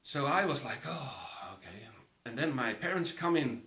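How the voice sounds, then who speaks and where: Bright-voiced man telling a story. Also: fairly high pitch, normal speed. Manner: vivid storytelling, acting out voices. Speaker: speaker. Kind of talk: personal story told to an audience. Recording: roomy echo.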